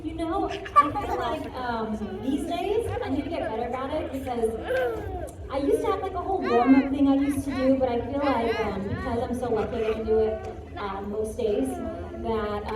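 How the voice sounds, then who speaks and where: A woman with a high voice answers a fan's question at a convention panel, pausing on lots of fillers. She sounds distant from the mic in a very echoey hall. A loud crowd and steady noise fill the background. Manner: hesitant, many "um"s. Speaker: voice actor panel guest.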